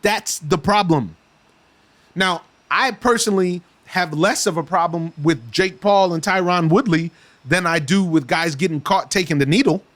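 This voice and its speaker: A man's voice: high voice, normal speed, a bit bright. A man in a casual talk show discussion, speaking with passion, restarting phrases and repeating himself as he builds his point. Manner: impassioned, repetitive, restarts phrases. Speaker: podcast guest.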